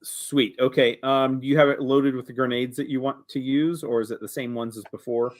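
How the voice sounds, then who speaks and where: A man running a tabletop game as game master, talking in a relaxed, hesitant way full of ums. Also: medium pitch, fairly quick.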